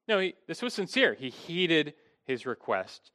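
A man's voice: fairly high pitch, very animated, normal speed, hardly any pauses, sharp tone. A middle-aged man preaching an expository sermon, earnest and emphatic, often restarting his phrases.

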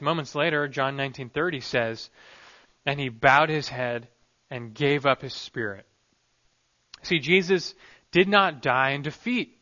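A male pastor delivers an expository sermon in an earnest, emphatic way, letting his phrases fall soft at the ends. His voice is bright and forceful and sits a little high. The recording is dull and lo-fi.

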